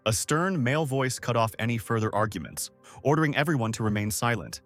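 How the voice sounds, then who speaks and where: A man's voice: medium pitch, big pitch swings, fairly quick, fairly bright tone. A man narrating a story recap in a scripted, dramatic way. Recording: faint background music.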